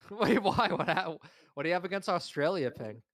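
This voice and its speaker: A young man chatting excitedly and getting exasperated while playing an online game with friends. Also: high-pitched, normal speed, dry recording, studio quality. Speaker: gaming stream co-player. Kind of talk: casual gaming banter.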